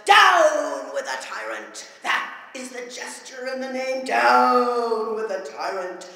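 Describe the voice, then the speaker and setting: A woman's voice: high-pitched, slow, creaky, pushed and bright. A woman poet giving a live performance of her work, chanting in rhythmic, incantatory repetitions. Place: bookstore anniversary festival, indoors. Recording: echoey hall recording from far off.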